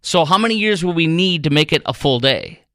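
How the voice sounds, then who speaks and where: A man hosting a talk radio show, chatting in a rambling, animated way and quizzing his producer. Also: on the high side, brisk, no room sound, clean studio sound. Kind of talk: casual talk radio monologue. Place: radio studio.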